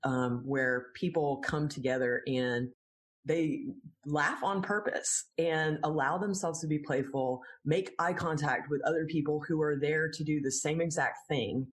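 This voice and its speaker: A woman's voice: low voice, measured pace. A woman who teaches laughter yoga, a guest in an interview. She explains things patiently and earnestly and laughs easily.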